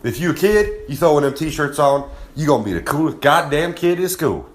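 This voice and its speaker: A man's voice: on the high side, expressive, fairly quick. A man delivering a rowdy, folksy wrestling-promo monologue as a recurring segment host. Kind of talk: brash promo-style monologue.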